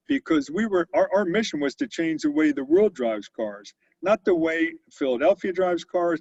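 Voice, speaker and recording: A man's voice: on the high side, creaky, a little mellow, no room sound, highs cut off. An older man who founded a company tells stories as a guest in an interview and acts out the quotes with animation. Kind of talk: storytelling interview.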